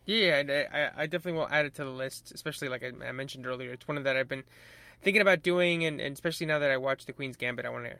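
Bright-voiced easygoing man, dry sound. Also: medium pitch, racing, dry recording. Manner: easygoing, many fillers and restarts, swears casually. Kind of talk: casual chat.

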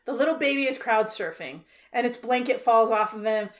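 A woman tears through a film's plot in casual podcast chat, swearing freely and acting out the characters' lines. Her voice sits a bit high. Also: fairly quick. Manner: profane, animated storytelling with acted quotes. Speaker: podcast co-host. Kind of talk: casual chat, film rant.

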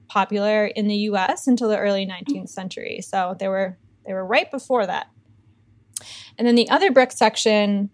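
A woman's voice: medium pitch, no echo. Chatty woman co-hosting a podcast. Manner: chatty, filler-heavy, joking asides. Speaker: podcast co-host. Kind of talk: casual chat, telling a ghost story.

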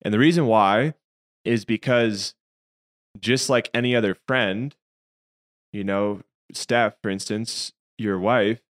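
A man with a fairly low voice talks through faith questions on a podcast. He is earnest and reflective, laying out his ideas patiently. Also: slow pace. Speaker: podcast co-host. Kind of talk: casual faith discussion.

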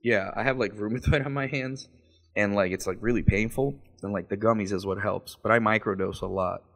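A man's voice: on the low side, steady tone, brisk. A man in his thirties on a video call, telling stories in a casual, profane way and often breaking into laughter. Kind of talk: casual chat.

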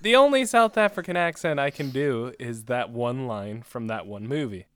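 A man's voice: mid-range voice, lively intonation, moderate pace, fairly bright tone, clean tone. A man co-hosting a podcast in casual comedic chat, making sarcastic jokes. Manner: joking, sarcastic, playful. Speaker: podcast co-host.

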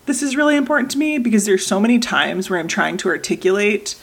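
Woman podcast co-host, husky tone, animated pitch, casual storytelling. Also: fast talker. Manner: emotional, animated storytelling with acted quotes. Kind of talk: casual conversation.

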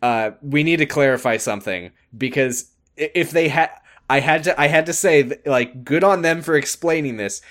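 A young man co-hosting a casual chat, animated and exasperated, swearing often and acting out characters' lines. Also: a little high, normal speed. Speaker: podcast co-host recapping a TV episode.

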